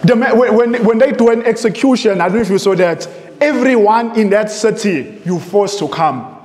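A man's voice: sits high, normal speed, darkish tone. A man preaching a sermon, reading from printed sources and repeating his points with rhetorical questions. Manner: emphatic, repeats phrases, asks rhetorical questions. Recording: echoey room with long reverb.

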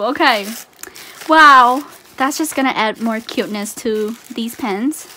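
Gushing woman with a high, unhurried voice. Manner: gushing, excitable, often laughing. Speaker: unboxing vlogger. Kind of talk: casual unboxing chat.

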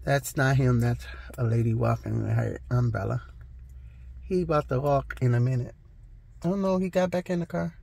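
A woman's voice: a bass voice, moderate pace, creaky, warm tone, slightly rough, poor audio. A woman vlogging to her phone camera from the driver's seat of a parked car. She talks in a sassy, emphatic storytime way, circling back and repeating lines to drive each point home. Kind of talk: casual storytime vlog. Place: parked car outside a hospital. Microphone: handheld phone camera.

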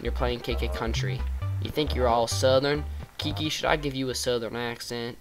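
A man's voice: medium pitch, fairly even intonation, normal speed, poor audio. A man doing casual let's-play commentary as a gaming vlogger, chatty and rambling, with playful sarcasm. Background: loud game music.

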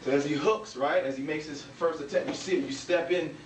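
Male martial arts instructor, mid-pitch, demo narration, echoey hall, off-mic. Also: a little fast, slight background noise. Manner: talks while demonstrating moves, punctuated with "bam" and "boom". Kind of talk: demonstration walkthrough. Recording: echoey room, from a distance.

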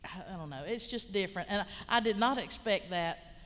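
A woman's voice: mid-range voice, brisk, fairly bright tone, in a large hall. A woman in her fifties with a Southern Appalachian accent, frankly telling rambling stories on a panel. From Appalachia, western North Carolina. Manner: frank, rambling, plainspoken, with mild swearing. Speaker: writer and college teacher on a panel. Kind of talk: casual panel storytelling. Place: large lecture hall.

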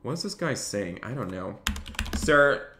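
A man's voice: medium pitch, expressive, normal speed, pushed and bright. A man streaming a game live, cheerfully thanking donors and barking mock police orders as he role-plays a cop. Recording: echoey room, faint noise.

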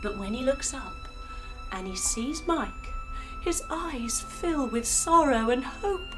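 A woman telling a guided yoga story for children, playful and animated with sound effects. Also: high-pitched, slow, over music. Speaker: kids' yoga instructor and storyteller.

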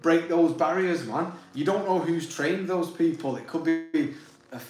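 A man's voice: on the high side, unhurried, darkish tone, roomy sound, faint music behind, poor audio. A man with a broad Manchester accent who runs a tattoo studio, talking bluntly and swearing freely in casual chat. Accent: Mancunian.

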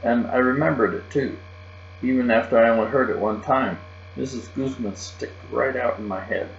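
A man's voice: medium pitch, normal speed, vocal fry. A man narrating a children's book aloud in a childlike first-person storytelling manner. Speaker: audiobook reader. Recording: roomy, dull, with mains hum.

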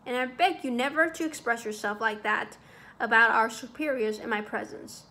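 A woman's voice: on the high side, normal speed, sharp tone. A woman voicing a fussy, anxious, old-fashioned male schoolmaster who lectures primly and frets. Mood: indignant. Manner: agitated, prim and lecturing.

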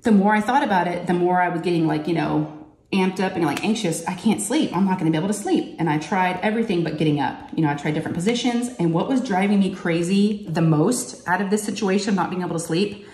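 A middle-aged woman, chatting casually to her viewers while she crafts, acting out what others said in a higher voice. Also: quick pace, a little mellow. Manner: chatty storyteller who acts out quotes in a higher voice. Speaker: crafting vlogger. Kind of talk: casual chat while diamond painting. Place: home craft room. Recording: echoey room, faint noise.

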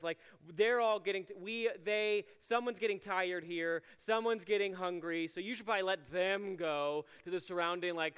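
A man's voice: high voice, a bit bright, clean tone. A man giving a casual, conversational sermon as a chapel ministries director, chatty with many "like" fillers and playful asides. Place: university chapel. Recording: long hall reverb in a chapel.

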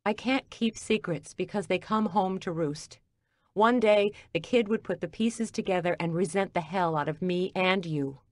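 Low, slow woman narrating a novel. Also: no echo. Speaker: audiobook narrator. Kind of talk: first-person audiobook narration.

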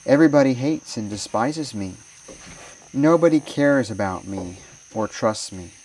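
A man's voice: medium pitch, lively intonation, measured pace, darkish tone, distant mic, rough recording. A man voicing an ashamed, grieving young orphan boy in a read-aloud story, with a pleading manner. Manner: sobbing, pleading.

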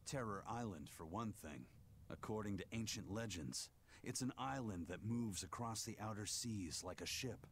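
A man voicing a bold pirate crewman who speaks in a steady, matter-of-fact way in game dialogue. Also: on the low side, normal speed, a little hiss or hum.

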